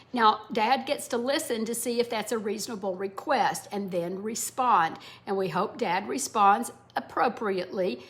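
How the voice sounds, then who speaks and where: Middle-aged woman, former teacher, parenting lesson, raised pitch. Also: fairly bright tone. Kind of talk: instructional talk to parents.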